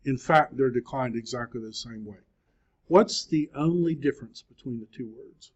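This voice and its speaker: A man teaching a Greek class, speaking patiently and encouragingly, with frequent pauses. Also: mid-range voice. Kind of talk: classroom lecture. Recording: dull lo-fi classroom recording.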